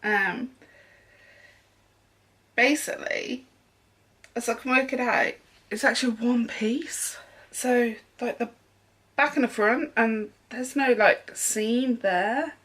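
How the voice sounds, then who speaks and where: A woman's voice: a little high, slow, long pauses, fairly bright tone. A young woman chatting casually in a sewing haul vlog, rambling along with frequent ums. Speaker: sewing vlogger.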